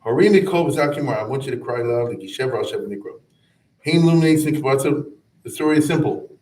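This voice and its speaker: A male teacher explains old texts in a relaxed, talky way, breaking into chanted verse before paraphrasing it. His voice sits in the middle range and sounds off-mic, with the hollow ring of a large room around it. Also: medium pitch, fast. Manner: conversational, chanting Hebrew verses then translating, many asides. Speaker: rabbi teaching a class. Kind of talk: informal explanatory lecture. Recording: echoey room, mic at a distance.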